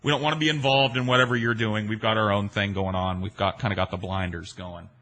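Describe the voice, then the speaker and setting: A man's voice: lowish voice, steady tone, fast, bright, forceful tone. A man telling a personal anecdote in a loose, rambling, profane and self-mocking way. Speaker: storyteller. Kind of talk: casual personal storytelling.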